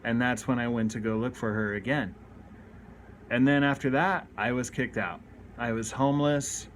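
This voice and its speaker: Earnest male recovery speaker in his thirties, confessional and unpolished, restarting his sentences, middle pitch. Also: fairly even intonation, normal speed, a little hiss or hum. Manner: candid and earnest, with frequent restarts. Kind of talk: personal confessional story.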